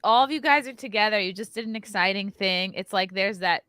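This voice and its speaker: A woman's voice: mid-range voice, fairly quick, pushed and bright, clear, resonant tone, dry recording. A woman hosting a casual morning talk show, chatting animatedly and mimicking people. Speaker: host. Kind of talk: casual chat.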